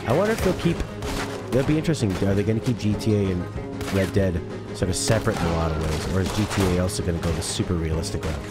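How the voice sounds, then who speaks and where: A man's voice: sits low, lively intonation, fast talker. A man giving casual, chatty commentary while streaming a video game, thinking aloud and often trailing off. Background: loud game music.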